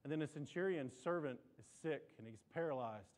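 Fired up preacher guy, kinda high voice, stumbles and repeats words, church sermon. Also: brisk. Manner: animated, climbs in pitch and volume for emphasis; frequent restarts and repeated words. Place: church sanctuary.

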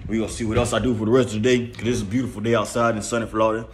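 A young man, chatting casually and rambling on a video blog, and coaxing his cat in high tones. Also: level tone, rapid-fire, slight background noise. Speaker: vlogger. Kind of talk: casual vlog chat. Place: at home, then in a car.

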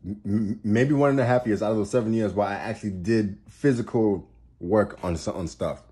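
At a moderate pace, a man with a mellow, lowish voice riffs on astrology as casual motivational advice. He stresses points by swearing and by repeating and restarting words, laughing as he gets worked up.

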